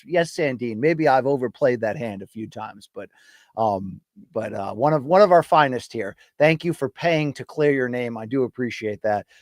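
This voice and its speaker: A man's voice: mid-range voice, darkish tone, no echo, clean studio sound. A middle-aged man from the US East Coast hosting a casual solo livestream ramble, chatty and self-deprecating, hyping up his chat. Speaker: podcast host. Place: home studio. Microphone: studio mic.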